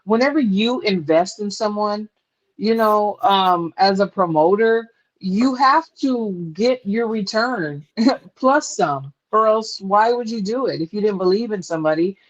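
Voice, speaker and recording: A woman at an ordinary middle pitch hosts a boxing talk show. She speaks in a relaxed, easygoing way and teases her co-host now and then. The audio is dull and lo-fi. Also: normal speed. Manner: relaxed, easygoing, playful teasing. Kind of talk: casual chat. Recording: dull lo-fi sound.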